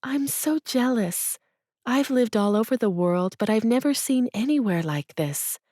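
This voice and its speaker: A woman voicing Aaliyah, a young woman who gushes in an effusive, breathy way in a storybook audiobook. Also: animated, unhurried, dark tone, no room sound, clean studio sound. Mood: gushing. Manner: high, effusive, breathy gushing. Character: young woman, gushing and starstruck.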